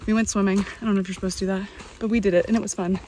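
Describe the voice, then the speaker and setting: A woman's voice: mid-range voice, steady tone, rapid-fire, a little mellow, low-quality recording. Woman, upbeat casual trail vlog into a handheld phone outdoors; faint background noise. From North Carolina. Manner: chatty, upbeat, loose and rambling. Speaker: vlogger.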